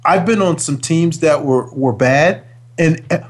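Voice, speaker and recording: A man in his forties, a former football pro, talks sports in a fairly high voice. He rants with exasperation and hammers the same words again and again. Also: unhurried. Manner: emphatic, exasperated ranting with repeated words. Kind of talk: casual sports debate.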